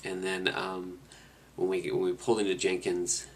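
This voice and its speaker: A man's voice: low-pitched, moderate pace, slight background noise. A man casually recapping a long motorcycle trip, rambling and restarting his sentences as he tells it. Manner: rambling, restarts often, relaxed storytelling. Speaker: motorcycle rider on a cross-country trip.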